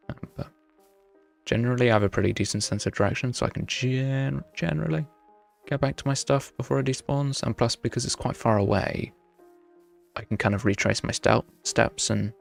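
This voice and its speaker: A man's voice: on the low side, vocal fry. A young man from the UK, chatting casually and self-mockingly while streaming a game and answering chat. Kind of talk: live gameplay chat.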